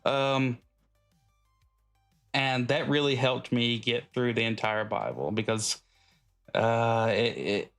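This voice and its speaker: A man's voice: mid-range voice, a bit bright. A man hosting a podcast in casual chat, rambling with many fillers and frequent laughs. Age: adult. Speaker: podcast host.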